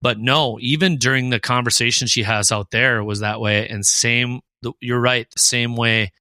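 A man's voice: mid-range voice, steady tone, normal speed, sharp tone, no room sound, clean studio sound. A man with a Midwestern accent co-hosting a podcast in casual chat, rambling and thinking aloud. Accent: Midwestern American. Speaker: podcast co-host.

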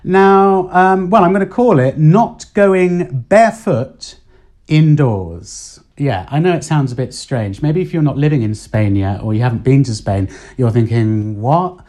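Host: man, podcast monologue, relaxed mellow tone, chatty and hesitant with filler sounds. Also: medium pitch, a little slow. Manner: chatty, thinks aloud with many ums and uhs. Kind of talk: casual solo podcast talk. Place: Spain.

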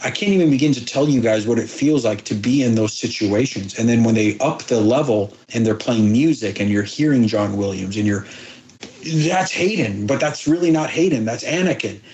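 Middle-aged man, mid-pitch voice, earnest storyteller, stumbles and restarts, acts out quotes. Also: a little mellow, dull audio, a little hiss or hum. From abroad, moved to the United States as a child. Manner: earnest, halting, many restarts and quoted dialogue. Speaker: actor guest. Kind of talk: emotional interview storytelling.

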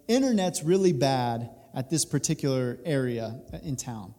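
A man in his thirties, a pastor, telling a personal story during a sermon, animated and laughing through it. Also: mid-range voice, moderate pace. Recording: reverberant hall.

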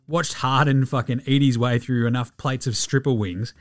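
An Australian man hosting a casual sports podcast, animated, jokey and swearing a lot. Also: mid-range voice, normal speed, soft background music. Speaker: podcast host.

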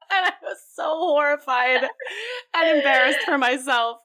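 A woman co-host telling animated stories in casual conversation. Her voice is fairly high, bright and forward. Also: a little slow, long pauses. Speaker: podcast co-host. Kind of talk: casual chat.

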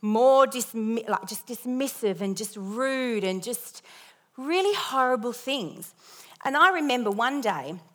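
A young woman telling a lively personal testimony with self-deprecating humor as part of a sermon. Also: fairly high pitch, a little slow.

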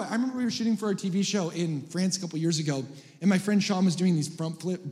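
A man giving an energetic, joking sermon as a guest preacher, sometimes rising to shouts. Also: sits high. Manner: joking, animated, builds to shouts. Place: large church hall. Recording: reverberant hall.

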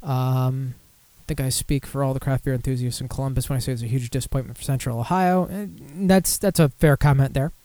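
A man's voice: mid-range voice, fairly even intonation, brisk, warm tone, no echo. A man hosting a podcast, reading news aloud in a loose, casual way with profane, sarcastic asides. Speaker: podcast host.

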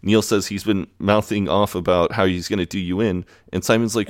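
A man recapping a TV episode on a casual podcast, retelling scenes in a relaxed way. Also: deep voice, moderate pace, no room sound, studio quality. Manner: relaxed retelling, quoting characters in plain voice. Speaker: podcast co-host.

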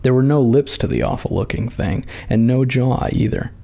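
A man calmly reading a short story aloud in a measured narrating voice. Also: medium pitch, vocal fry.

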